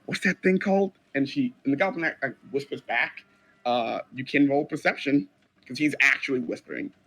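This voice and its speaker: A man narrating as game master of a tabletop game in a casual, animated way. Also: medium pitch, normal speed, slight background noise, low-quality recording.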